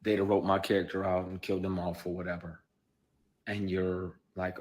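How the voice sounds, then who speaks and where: A middle-aged man with a low, level, slightly mellow voice speaks at normal speed about his work as an actor. In this candid conversational interview he tells his story bluntly and emphatically, with lots of profanity and rising intensity.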